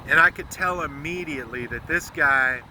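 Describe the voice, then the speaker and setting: An American man with a somewhat high voice tells a heartfelt story outdoors, his voice close to breaking. He is earnest and blunt, and he swears now and then. Loud wind noise hits the microphone throughout. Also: normal speed. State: close to tears. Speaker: truck driver vlogger. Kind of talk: emotional storytelling vlog.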